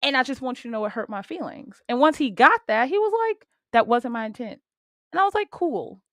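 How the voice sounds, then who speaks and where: A woman hosting a podcast in casual chat, telling stories in a matter-of-fact, animated way. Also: high voice, fast talker, no room sound, studio quality. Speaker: podcast host.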